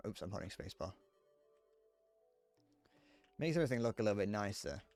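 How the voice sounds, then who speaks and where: A man streaming a game, rambling and joking as he thinks out loud, often restarting his sentences. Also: fairly low pitch, big pitch swings, brisk, soft background music. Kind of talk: casual gameplay commentary.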